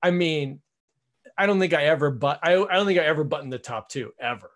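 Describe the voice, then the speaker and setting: A man's voice: a little high, fairly quick, fairly bright tone. A man in a casual chat about magic, chatty and joking.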